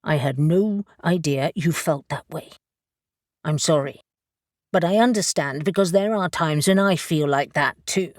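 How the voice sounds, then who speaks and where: A woman's voice: sits low, animated, measured pace, a little mellow, no room sound, studio quality. A woman voicing a proud, curt male company boss in an audiobook, with a clipped manner. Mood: earnest.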